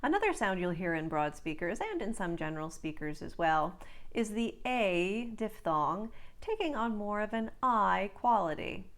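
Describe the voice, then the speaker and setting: A woman's voice: medium pitch, big pitch swings, normal speed, fairly bright tone. A woman accent coach giving a scripted lesson, carefully enunciating drill words and phrases.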